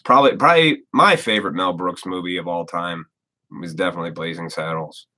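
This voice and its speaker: A blunt man in his thirties rants on his live stream with a somewhat low voice. He swears freely and rambles from thought to thought. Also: a little fast, sharp tone. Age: 30s. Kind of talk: casual ranting monologue.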